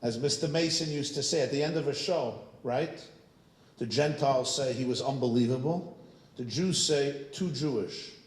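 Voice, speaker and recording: A man's voice: medium pitch, moderate pace, reverberant. A man preaching as a rabbi in a synagogue, telling humorous anecdotes. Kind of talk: sermon with storytelling.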